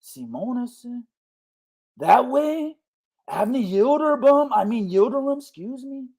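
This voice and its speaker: A conspiratorial boxing official who talks low and coaxing, dropping Spanish slang into every sentence, as a man puts him on. The voice stays hushed and scheming throughout. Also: big pitch swings, slow pace, creaky, full character voice.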